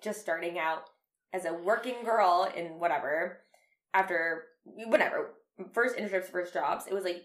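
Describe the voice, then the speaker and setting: A young woman co-hosting a film podcast, talking in an earnest, rambling way with many restarts. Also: fairly low pitch. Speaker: podcast co-host. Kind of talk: casual film discussion. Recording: roomy echo.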